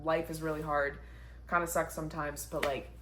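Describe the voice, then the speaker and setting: A young woman with a low-pitched voice talks in a casual sit-down chat, chatty and heartfelt. She fills her sentences with "like". A faint hiss of noise sits behind her. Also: level tone, normal speed, fairly bright tone. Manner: chatty and heartfelt, many "like" fillers. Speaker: vlogger, marathon runner. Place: indoors, sitting down.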